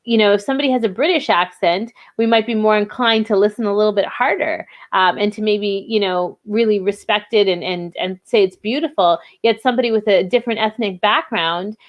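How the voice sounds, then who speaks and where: A woman talks through a diversity training session in a relaxed, conversational way. Her voice sits in a middle pitch, and she leans often on fillers and restarts as she explains. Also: brisk, few pauses, muffled recording. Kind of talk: casual live webinar talk.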